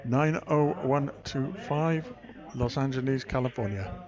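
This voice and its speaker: A man voicing a campy, theatrical male vampire count on a prank phone call, speaking slowly and grandly. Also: medium pitch, a crowd in the background, natural voice. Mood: deadpan spooky. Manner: slow, drawn-out theatrical delivery. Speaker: scambaiter.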